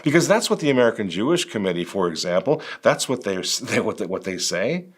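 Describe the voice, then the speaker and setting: A man's voice: lowish voice, big pitch swings, brisk, slightly rough. A male commentary host speaking indignantly, firing rhetorical questions straight at a bishop. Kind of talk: impassioned commentary.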